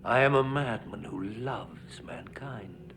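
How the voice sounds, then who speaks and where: A whispering, mad young dancer. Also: male voice, on the low side, lively intonation, slow, exaggerated voice. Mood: hushed rapture. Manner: hushed, often whispered, breaking into far-off shouts. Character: tormented, ecstatic young male dancer sliding into madness. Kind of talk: film voice-over monologue.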